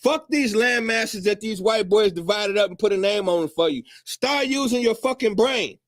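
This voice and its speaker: A man speaking in a profane, preachy monologue to his viewers, often rising into shouts. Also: high voice, normal speed. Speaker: commentator. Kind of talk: animated monologue to camera.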